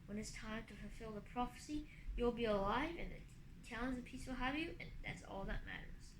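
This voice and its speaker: A woman's voice: on the high side, moderate pace, lightly acted. A woman doing a cold, mocking dragoness guardian. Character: stern cruel female guardian dragon. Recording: echoey room, faint hum.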